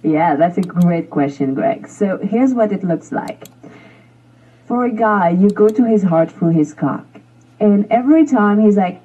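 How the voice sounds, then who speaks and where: A woman's voice: medium pitch, animated, a little slow, mellow, slightly rough, lo-fi sound. A woman guest who coaches couples, explaining sex advice frankly in a casual interview.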